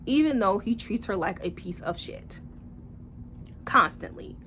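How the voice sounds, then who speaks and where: A woman's voice: on the high side, a little slow, a little hiss or hum. A woman reviewing books in a casual vlog, blunt, profane and sarcastic, acting out the characters she quotes. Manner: animated, acts out quoted characters. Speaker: book reviewer.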